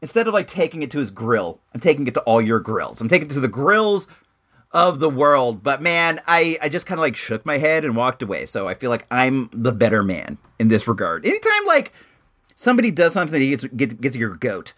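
A man's voice: medium pitch, very animated, fairly quick, fairly bright tone. A young man telling a rambling story in a casual vlog, with lots of fillers and restarts. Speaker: vlogger.

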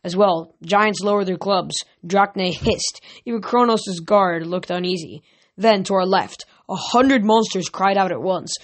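A woman reading a novel aloud as an audiobook, with small slips and restarts. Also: mid-range voice. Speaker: reader.

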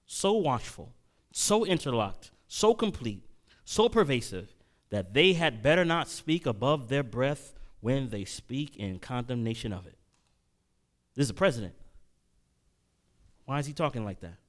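A male preacher giving a sermon-style lecture, often restarting his phrases and building to loud, emphatic bursts. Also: medium pitch, lively intonation, unhurried, pauses often. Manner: repeats and restarts while reading quotes aloud.

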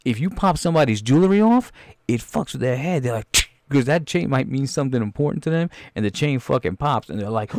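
A man's voice: mid-range voice, animated, brisk, dry recording. A man doing profane, rambling comedic commentary while reacting to a film.

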